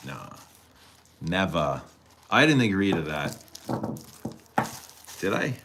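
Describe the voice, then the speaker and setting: A man's voice: deep voice, sing-song, takes it slowly, noisy background. A man chatting casually with his live-stream audience, teasing viewers and answering their questions. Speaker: fragrance streamer.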